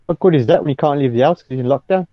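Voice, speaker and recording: A man's voice: on the high side, racing, no echo, highs cut off. A man co-hosting a casual chat, with dry, teasing remarks. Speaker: co-host. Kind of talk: casual banter.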